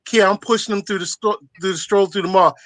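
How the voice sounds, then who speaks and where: Bright, high-voiced man who laughs a lot. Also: steady tone, no echo. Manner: laughs often, quick asides. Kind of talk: casual chat.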